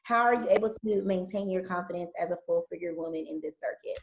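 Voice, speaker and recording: Southern woman in her twenties, podcast host; gravelly, lively and quick to laugh in casual chat. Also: lowish voice, rough recording. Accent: Southern American. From American South. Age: 20s. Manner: animated, emotional, laughs easily.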